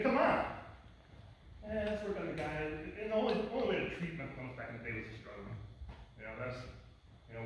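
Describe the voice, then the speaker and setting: A man speaking as a guest on mental illness, telling a personal story to a live class in a casual, conversational way with bursts of emphasis. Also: fairly high pitch. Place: academy lecture room. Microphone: distant room mic. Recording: echoey room, distant mic, faint noise.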